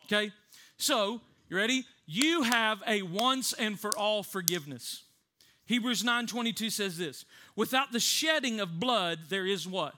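Brief: male preacher, very high bright voice, lively comic storytelling from the pulpit. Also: unhurried. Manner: animated, laughs often, acts out voices.

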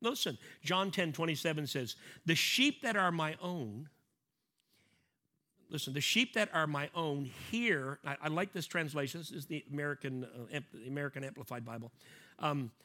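Bright-voiced man preaching. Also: fairly high pitch, expressive, moderate pace. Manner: conversational preaching, acts out little scenes; repeats key lines for emphasis. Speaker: pastor. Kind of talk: sermon.

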